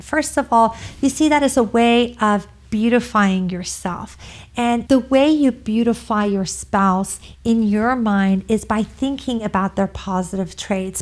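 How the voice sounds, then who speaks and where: Woman, forties, marriage therapist, slightly high voice, earnest prepared talk, storytelling. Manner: earnest storytelling with acted quotes.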